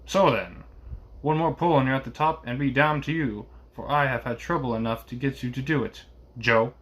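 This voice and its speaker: A man voicing an irritable stagecoach driver who curses and shouts at his horses. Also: mid-range voice, moderate pace, lightly acted. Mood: vexed shouting. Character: vexed gruff male stagecoach driver.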